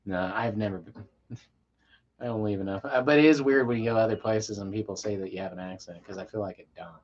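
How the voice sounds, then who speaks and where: A man's voice: fairly low pitch, fast, a little mellow. Laid-back rambling man on a lo-fi stream. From Colorado, USA. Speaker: livestream host. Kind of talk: casual late-night livestream chat. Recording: dull lo-fi sound.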